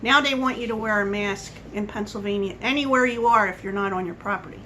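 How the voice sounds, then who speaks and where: A woman's voice: mid-range voice, fast, bright, forceful tone, a little hiss or hum, rough recording. A woman vlogger talking at home in a casual coffee-chat monologue, rambling and wandering off on tangents. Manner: rambling, chatty, goes off on tangents.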